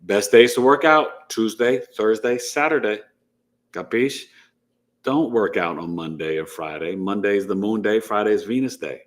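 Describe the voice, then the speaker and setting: A man's voice: lowish voice, moderate pace. A man hosting a casual astrology livestream, chatty and joking as he gives advice. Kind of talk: casual live-stream chat.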